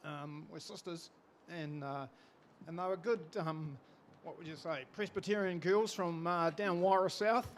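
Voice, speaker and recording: A man's voice: a little high, steady tone, unhurried, hardly any pauses, slight background noise. An older man giving a family tribute at a church memorial, hesitant and full of ums, with wry understatement. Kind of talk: memorial tribute with dry humour.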